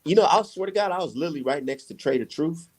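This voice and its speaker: A man hosting a casual chat, telling a profane, animated story and laughing often. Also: on the high side, fast talker, husky. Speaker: podcast host.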